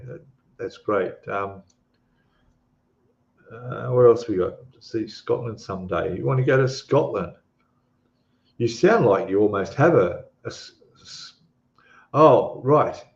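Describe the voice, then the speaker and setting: A man with an Australian accent and a fairly low, darkish voice hosts a live stream, casually chatting with viewers and reading their comments. He rambles with plenty of fillers and restarts, and the recording sounds echoey, dull, and lo-fi.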